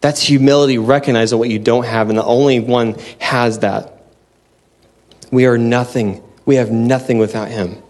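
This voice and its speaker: A man's voice: medium pitch, fairly even intonation, moderate pace, a little mellow. Guy preaching in church, mid voice, earnest and chatty, keeps restarting his lines. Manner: earnest, conversational, with frequent restarts. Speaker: pastor. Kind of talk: sermon.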